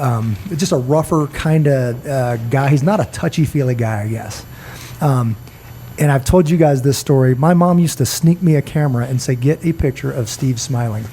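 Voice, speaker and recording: A man's voice: mid-range voice, warm tone. A middle-aged man hosting a podcast, telling a long story in a rambling, earnest way and acting out what people said. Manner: rambling, earnest, acts out quoted dialogue. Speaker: podcast host. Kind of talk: casual storytelling chat. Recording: faint background noise.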